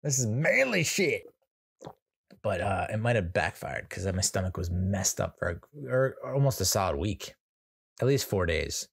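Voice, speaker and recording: A man's voice: low-pitched, moderate pace, vocal fry, slightly rough. An American man in his thirties, a comedian telling a rambling, self-deprecating story full of restarts. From United States. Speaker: comedian host.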